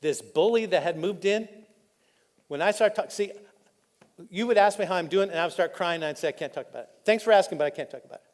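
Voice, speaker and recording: A man pastor, preaching a candid, personal sermon that drops soft and choked up when he is moved. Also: high-pitched, fast talker. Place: church auditorium. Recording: live in a reverberant church hall.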